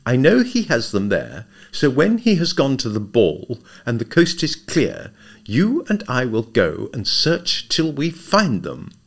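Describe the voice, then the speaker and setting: A man voicing a brisk, impatient young woman who speaks firmly. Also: medium pitch, wildly swooping pitch, exaggerated voice. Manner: impatient, firm.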